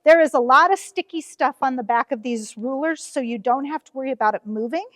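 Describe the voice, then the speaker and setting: Midwest lady showing quilting stuff at her shop, kinda high voice, lots of ums, dry close sound. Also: brisk, dry recording, in a large hall. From Nebraska, US. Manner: friendly, chatty, with frequent ums and uhs. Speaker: quilt shop owner demonstrating a ruler. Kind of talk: casual how-to demonstration. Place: quilt shop cutting table.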